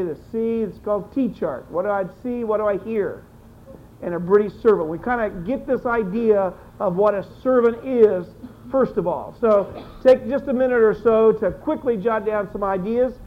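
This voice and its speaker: A teacher leading a classroom discussion, briskly encouraging students and repeating their answers aloud. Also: medium pitch, slight background noise. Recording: dull lo-fi classroom recording.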